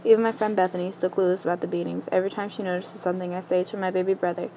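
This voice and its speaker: A woman reading a story aloud in a quick, plain way, with small stumbles now and then. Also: fairly low pitch, level tone, warm tone, a little hiss or hum, low-quality recording.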